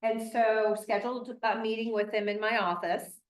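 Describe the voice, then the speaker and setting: A woman's voice: a little high, moderate pace. Chatty Midwestern woman teaching a class. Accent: Midwestern American. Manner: chatty, animated storytelling with acted-out quotes. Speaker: real estate trainer. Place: training classroom. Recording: echoey room.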